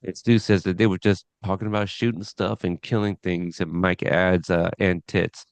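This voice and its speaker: A man's voice: sits low, steady tone, moderate pace, smooth, no echo. A man hosting a casual podcast, recapping an episode from his notes in a rambling way with chuckles. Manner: rambling, chuckling, reads scene notes aloud.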